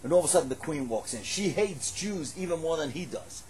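Animated high-voiced male preacher. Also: brisk, slight background noise, rough recording. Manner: animated, emphatic, rising to exclamations. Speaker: religious storyteller. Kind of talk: sermon-style storytelling.

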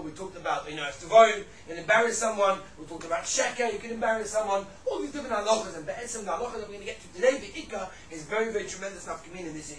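Recorded from a distance in an echoey room, with the mic set back and faint background noise, a religious teacher lectures on Jewish law and ethics. His voice is high and fairly bright. He animates his stories, repeats his phrases, and mixes Hebrew and Yiddish into his speech.

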